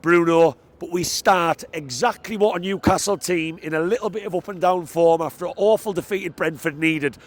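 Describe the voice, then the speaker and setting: A man recording a post-match fan reaction vlog outdoors near a football stadium, talking into a handheld microphone in an excitable, chatty, emphatic way. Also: a little high, moderate pace, hardly any pauses.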